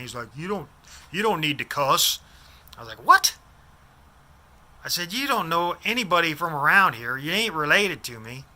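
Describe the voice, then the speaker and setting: A man in his fifties tells a meandering personal story, trailing off and circling back mid-sentence. His voice is fairly high and has a piercing, edgy brightness. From Des Moines, Iowa. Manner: rambling, loses names, restarts sentences. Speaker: vlogger.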